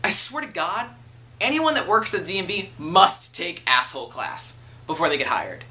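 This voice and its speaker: A man's voice: high-pitched, sing-song, normal speed, sharp tone, recorded from a distance. A man of twenty-one, telling a story in a casual vlog rant, swearing freely and acting out the people he quotes. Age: 20s. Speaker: video blogger.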